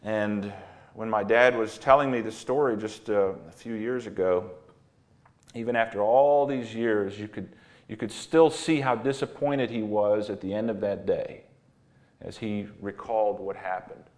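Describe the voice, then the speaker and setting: A man's voice: fairly low pitch, steady tone, unhurried. A male pastor preaching a sermon, telling a personal story earnestly and repeating words for emphasis.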